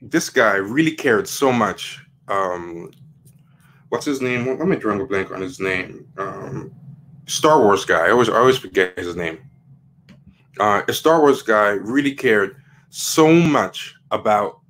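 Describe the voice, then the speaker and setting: A man's voice: medium pitch, a bit bright. A man hosting a casual commentary livestream, rambling with many fillers and restarts as he reads quotes aloud from the web. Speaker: livestream host.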